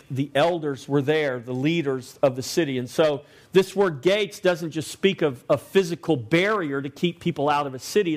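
A man preaching a sermon to a congregation, using an emphatic, repetitive cadence. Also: on the high side. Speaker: pastor.

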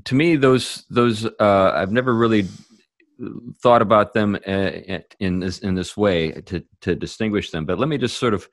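A man hosting a casual discussion, tentatively thinking out loud. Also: lowish voice, moderate pace, no echo, clean studio sound.

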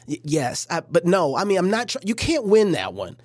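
A woman hosts a casual livestream and reacts to a clip with joking, preachy asides. Her voice swoops up and down over a wide, animated range. The sound is close and dry, with little room to it. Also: mid-range voice, moderate pace, hardly any pauses, dry recording. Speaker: livestream host.

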